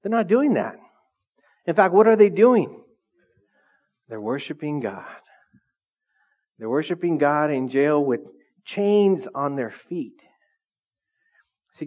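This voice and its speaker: A middle-aged male pastor preaching a lively, conversational sermon, often asking the congregation questions. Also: on the high side. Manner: asks the congregation frequent questions. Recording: dull lo-fi sound.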